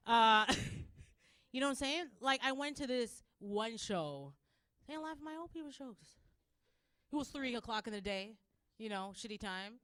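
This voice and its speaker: A young Canadian woman with a Canadian accent does a loud, animated stand-up comedy set, acting out characters and laughing often. Her voice is fairly high, and there's no room sound.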